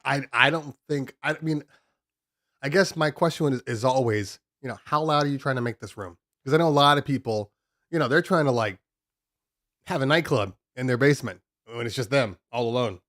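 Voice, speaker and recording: A man's voice: medium pitch, a little fast, a bit bright, no room sound. Male live-stream host, loose chatty delivery, home-studio feel, dead dry sound. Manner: loose and rambling, many ums and restarts. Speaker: DJ podcast host.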